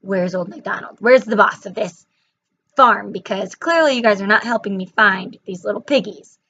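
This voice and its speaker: A woman's voice: medium pitch, normal speed, bright, forceful tone, husky. A woman voicing a greedy, scheming witch who hunts piglets, in a gleeful, wheedling tone, on a slightly muffled recording.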